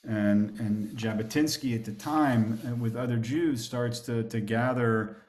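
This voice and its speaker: Halting male rabbi lecturing in a roomy hall. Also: mid-range voice, steady tone, darkish tone. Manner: halting, many fillers and restarts; reads quoted texts aloud with more emphasis. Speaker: rabbi teaching a class. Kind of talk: lecture with slides. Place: synagogue classroom. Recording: roomy echo.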